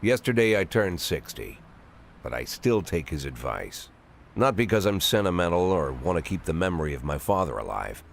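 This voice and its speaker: A man's voice: low-pitched, sing-song, normal speed, creaky, slight background noise, exaggerated voice. A man voicing a world-weary police chief of sixty, narrating the game in a dry, sardonic inner monologue. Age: 60s. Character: aging gruff male police chief, cynical, world-weary.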